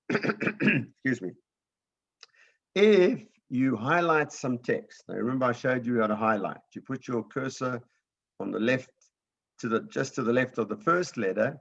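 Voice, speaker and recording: A man's voice: mid-range voice, creaky, slightly rough, lo-fi sound. A man teaching a beginners' computer class, explaining step by step patiently and often checking in with "right?".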